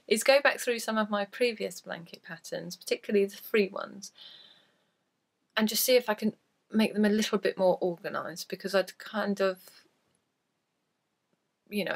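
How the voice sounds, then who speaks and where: A woman's voice: mid-range voice, creaky. A woman hosting a crafting podcast, chatting in a rambling, self-deprecating way, with a lingering cough from a cold. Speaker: podcast host. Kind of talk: casual chat.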